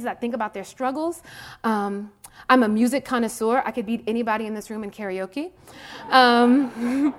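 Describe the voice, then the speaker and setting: A woman, giving a candid, emphatic personal talk to young people and repeating phrases for stress. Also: a little high. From Mississippi, USA. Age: 40s. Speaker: faith speaker addressing youth.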